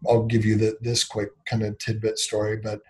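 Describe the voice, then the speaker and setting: A man's voice: on the low side, monotone. A man in his thirties, a company CEO, talking candidly in an interview, reflective and full of fillers, acting out bits of dialogue as he goes. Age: 30s. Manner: reflective, filler-heavy, acts out dialogue in quick bursts.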